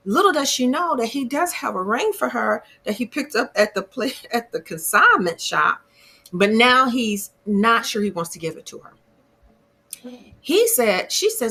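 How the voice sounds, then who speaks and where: In casual commentary on her TV review channel, a woman recaps an episode with chatty opinions and laughs at the drama. Her fairly high, husky voice has a sharp tone and big pitch swings, and she keeps a measured pace.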